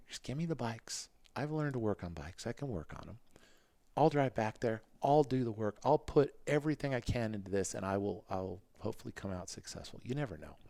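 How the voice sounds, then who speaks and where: Animated middle-aged man telling stories. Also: on the low side, no echo. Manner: animated, acts out his own past thoughts in quick quoted asides. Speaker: podcast guest, former motocross racer. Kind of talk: casual storytelling.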